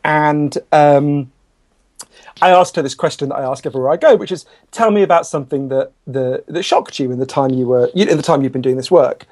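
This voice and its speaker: A man, a guest author in a podcast interview, telling stories in a quick, chatty, animated way with self-deprecating asides. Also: a little high. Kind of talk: conversational interview storytelling.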